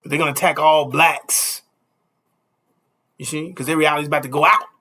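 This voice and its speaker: Man preaching, kinda high voice, bright and forceful, keeps going "you see?". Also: steady tone, fairly quick, breathy edge. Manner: preachy, repeats "you see?", chuckles between points. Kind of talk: street sermon.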